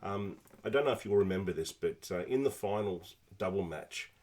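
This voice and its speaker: A man hosting a casual interview, relaxed and chatty as he asks questions. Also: low voice, moderate pace. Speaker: interview host.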